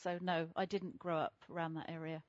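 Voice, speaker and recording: A woman's voice: low voice, level tone, a little fast, no room sound. A woman from England with an English accent, co-hosting a podcast in wry, self-deprecating chat. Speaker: podcast co-host. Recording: dry, slightly muffled podcast audio.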